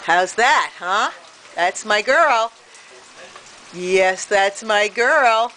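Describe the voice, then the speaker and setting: A bird owner films her pets outdoors on a rainy porch, cooing at them in sing-song baby talk with frequent laughter. She has an expressive mid-range voice and draws out her words. Rain and birdsong fill the noisy audio from her handheld camera.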